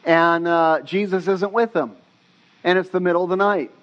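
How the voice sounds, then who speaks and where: A man preaching a sermon as pastor, telling stories with animated, casual delivery and slang. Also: high voice, moderate pace, muffled recording.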